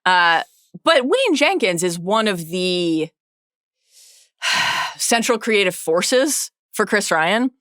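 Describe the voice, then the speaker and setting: Animated, bright-voiced woman podcaster. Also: mid-range voice, slow, pauses often, no room sound, studio quality. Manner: chatty, jokey, rambling anecdotes. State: tired, running on coffee. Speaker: podcast co-host. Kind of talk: casual podcast chat.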